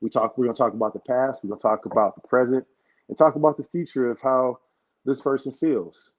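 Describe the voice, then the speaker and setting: A male host with a mid-pitched voice, building up the episode slowly and deliberately. His audio sounds dull and muffled. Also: steady tone, dry recording. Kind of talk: show introduction and interview.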